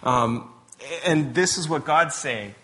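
A preacher delivers a casual sermon in a bright, forceful voice. He talks conversationally and drops in chatty asides. His voice sits a touch high for a man. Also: lively intonation, slow pace.

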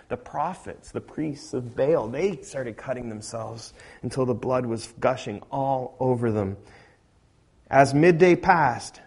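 Animated male pastor preaching a sermon. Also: mid-range voice, husky. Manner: animated storytelling, swinging from quiet asides to loud emphatic declarations.

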